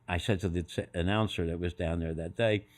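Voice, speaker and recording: A man's voice: deep voice, fairly even intonation, fairly quick. An older man on a podcast as a guest, telling anecdotes and acting out other people's voices in quotes. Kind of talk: storytelling anecdotes.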